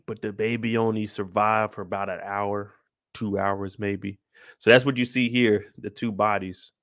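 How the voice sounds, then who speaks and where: A young man, hosting a casual live show recap and acting out the characters as he talks. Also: medium pitch. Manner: animated storytelling, acts out characters in quick voice switches.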